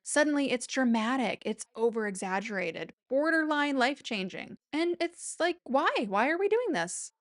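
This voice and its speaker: A woman hosting a casual commentary video, chatting in an exasperated way with bursts of mock-dramatic emphasis. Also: a little high. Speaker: commentary host.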